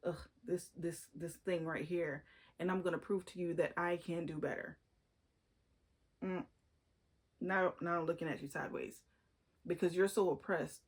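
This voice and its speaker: A woman with a fairly low voice talks through her favorite books in a loose, conversational way. She leans on emphasis and drops opinionated asides as she goes. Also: a little mellow. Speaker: book reviewer. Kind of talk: casual book review monologue.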